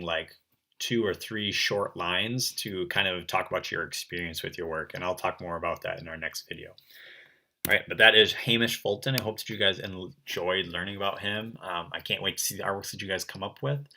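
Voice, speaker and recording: A young man teaching an online art lesson to children, chatty and relaxed, with lots of fillers. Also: low voice, fairly quick, a little hiss or hum. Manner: relaxed and chatty, full of um and kinda.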